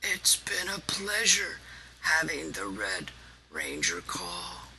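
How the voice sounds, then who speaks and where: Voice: mid-range voice, wildly swooping pitch, slow, noisy background, exaggerated voice. Frail impish old Santa-like man, as a narrator puts him on. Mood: warm.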